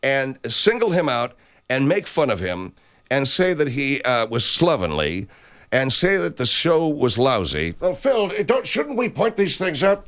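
A man hosting a comedic radio show, mocking and animated. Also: mid-range voice, unhurried. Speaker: radio host.

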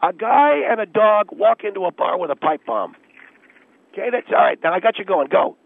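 Guy doing a pushy loudmouth boss on a tinny phone line, high raspy voice, bossing everyone around. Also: animated, moderate pace, dry recording, heavily acted. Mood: bossy. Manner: pushy, barking orders, impatient. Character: bossy bigoted middle-aged male station boss. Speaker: radio station boss calling in.

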